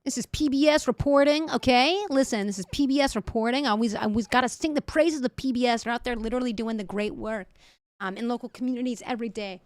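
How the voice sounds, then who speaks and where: A woman's voice: on the high side, fast talker, no room sound. A young woman streaming, chatting casually and jokily while reacting to news clips and talking to her chat. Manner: chatty, jokey, laughs often, talks to chat.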